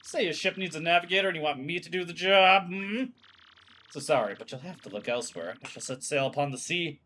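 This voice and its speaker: A man's voice: fairly high pitch, animated, brisk, sharp tone, slight background noise. A man voicing a stubborn, bitter old male sailor in a posh, clipped manner. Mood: dismissive.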